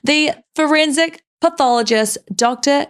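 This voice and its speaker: A woman hosting a comedic true-crime podcast, telling the case with dramatic, lively storytelling. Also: high voice, unhurried.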